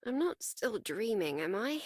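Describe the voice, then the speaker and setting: A streamer voicing a drowsy, affectionate young woman in a visual novel, with a soft, mumbling, drawn-out delivery. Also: medium pitch, big pitch swings, no room sound, clean studio sound, voice pushed up. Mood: sleepy.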